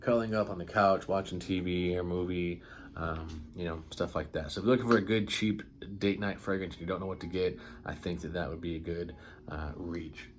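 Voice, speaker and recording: Male fragrance reviewer, very low voice, casual and rambling, enthusiastic. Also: steady tone, brisk, slight background noise. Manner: enthusiastic, rambling, lots of ums and filler words.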